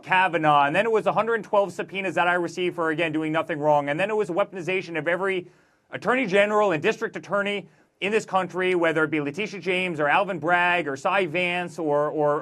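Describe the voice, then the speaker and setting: A man in his forties, a guest author in a political interview, talking emphatically in rapid-fire lists. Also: sits high, fairly bright tone.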